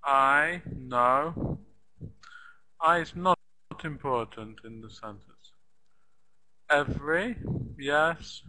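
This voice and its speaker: Slow, bright-voiced male English teacher. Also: fairly high pitch, poor audio. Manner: slow, deliberate, repeats sentences for learners; claps out rhythm with "da da da". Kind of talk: live online language lesson.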